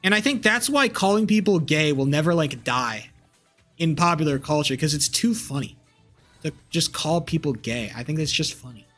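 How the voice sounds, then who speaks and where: A man's voice: fairly high pitch, lively intonation, moderate pace, fairly bright tone, faint music behind. A young man streaming live, rambling casually with crude language and lots of fillers and restarts.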